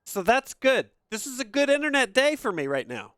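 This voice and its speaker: A man streaming a hunting game from an upstairs room at home, excitable and foul-mouthed, quick to laugh. His voice is dry and close, with little room sound. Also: extremely high pitch, smooth, no echo. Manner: excitable, profane, laughs often. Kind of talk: casual gaming stream commentary.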